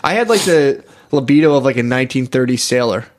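A man's voice: medium pitch, expressive, fast. A young man telling crude stories in casual chat, swearing freely and acting out whiny crying quotes.

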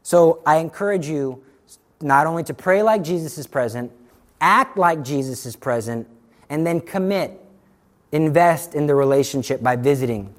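A middle-aged man giving a sermon, telling a story with lively acted-out dialogue. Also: fairly high pitch. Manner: animated storytelling, acts out dialogue. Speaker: Catholic speaker.

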